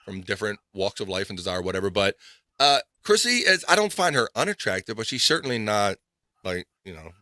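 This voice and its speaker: A man's voice: fairly low pitch, big pitch swings, brisk, pushed and bright, dry recording, studio quality. A man hosting a casual live podcast, rambling, laughing and muttering to himself as he reads chat. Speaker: podcast host.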